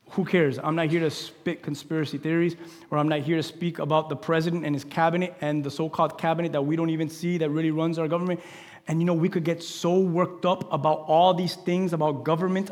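A male pastor delivers an animated, rambling sermon to his congregation, with talkative asides. His voice sits a little high and leaps from loud exclamations down to hushed near-whispers. The sound carries the long reverb of a large church sanctuary.

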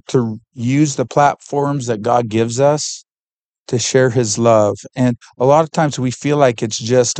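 A man's voice: medium pitch, darkish tone, no room sound. A man speaking as a podcast guest, giving sincere, reflective faith encouragement to young listeners with frequent fillers.

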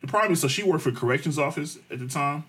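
A man telling a profane, animated story in casual chat, acting out the people he quotes. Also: on the high side, racing, husky.

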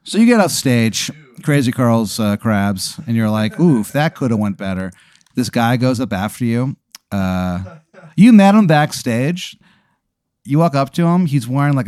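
A man's voice: medium pitch, very animated, slow pace, pauses often, darkish tone, dry recording. A man improvising an absurd second-person story, rambling and profane with many fillers. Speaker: comedy podcast host.

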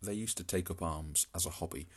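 Deep husky man. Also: fairly quick. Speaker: podcast co-host. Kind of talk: casual chat.

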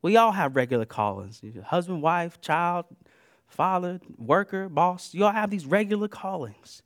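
A man preaching a sermon in a casual, conversational way, moving between loud bursts and hushed asides. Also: high voice, lively intonation, moderate pace, dry recording, studio quality. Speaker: pastor.

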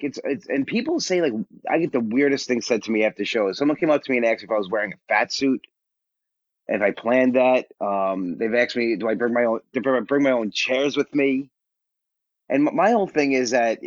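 A man who is a stand-up comedian, telling candid, self-deprecating stories as a podcast guest, blunt and quick to get defensive. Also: mid-range voice, no room sound, dull audio.

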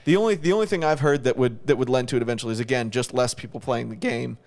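A man's voice: medium pitch, rapid-fire, darkish tone. A man co-hosting a podcast in casual chat, giving opinions and restarting words as he thinks. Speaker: podcast co-host.

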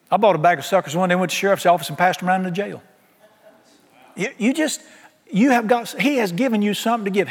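A man preaches with a high, lively voice and a homespun, animated delivery. He slips into quick acted-out voices to make his points. The sound carries a long reverb, as in a large church hall. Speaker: pastor. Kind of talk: sermon.

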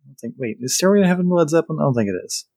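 A married man hosting a tabletop game podcast, reading the outro and then chatting with his players, laughing often and quick to apologize. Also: on the high side, lively intonation, darkish tone. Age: adult, married. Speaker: game master and show host.

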